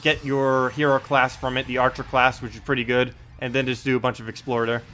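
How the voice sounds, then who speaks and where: A game streamer chats casually about his gameplay on a live stream and answers viewer questions. His medium-pitched voice moves a little fast over slight background noise, relaxed and thinking aloud with plenty of uh and um.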